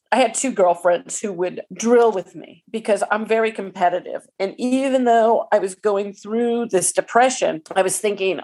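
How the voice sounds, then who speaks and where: With a medium-pitched, slightly mellow voice, a woman in her forties who plays pickleball shares something personal. She is emotional and halting, often starting over.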